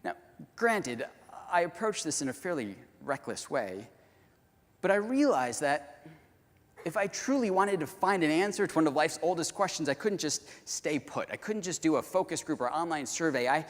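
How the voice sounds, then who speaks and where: Animated man in a reverberant hall. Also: fairly high pitch, moderate pace. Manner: animated, addresses the audience directly. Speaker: conference keynote speaker. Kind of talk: storytelling conference talk. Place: large conference hall.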